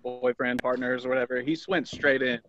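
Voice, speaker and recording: A man chiming in on a casual chat show, relaxed and thinking aloud. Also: medium pitch, a little fast, lo-fi sound, a little hiss or hum.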